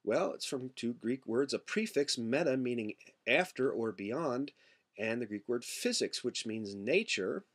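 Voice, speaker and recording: A man giving a philosophy lecture in a class, explaining terms with rhetorical questions and filler words, slowing down to stress key words. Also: mid-range voice, lively intonation, fairly bright tone.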